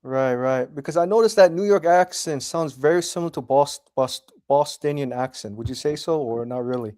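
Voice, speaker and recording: A chatty man asks questions and circles back over his own words in a casual stream chat. His voice is somewhat high for a man. The sound is dry and close. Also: normal speed, dark tone, dry recording. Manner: chatty, inquisitive, repeats himself.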